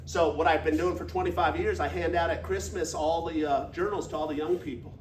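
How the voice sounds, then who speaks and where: A man in his fifties giving an energetic, folksy motivational talk to a business audience, leading them in call-and-response. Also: fairly high pitch, fairly quick, slight background noise. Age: 50s. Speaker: business speaker. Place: large echoey meeting room. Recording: echoey room recorded from far off.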